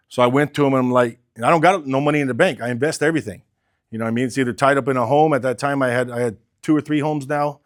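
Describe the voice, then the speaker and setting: A car business coach with a medium-pitched voice tells his own story in a casual, conversational way. He swears freely, keeps ending lines with "right?", and acts out the dialogue he quotes.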